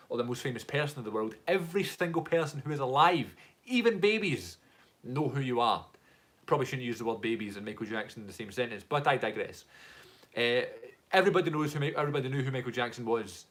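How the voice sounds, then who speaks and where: A man's voice: medium pitch, fairly bright tone. A young man with a Glaswegian Scottish accent, chatting casually on a live stream and reading out viewer comments in a rambling way, full of fillers. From Scotland, Glasgow. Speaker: music reaction streamer.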